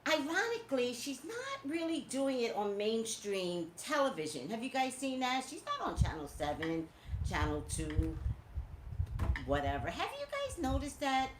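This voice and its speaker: Animated gossiping woman host, echoey room. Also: sits high, normal speed. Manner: animated, gossipy, talks straight to viewers. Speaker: talk show host. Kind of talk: casual live-stream chat. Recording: echoey room with faint noise.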